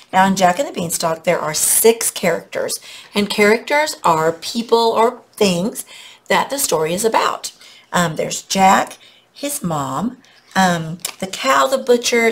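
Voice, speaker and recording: A woman teaching children, reading a fairy tale aloud and pausing to explain words. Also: medium pitch. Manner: gentle, explaining, with frequent fillers. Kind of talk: read-aloud storytelling lesson.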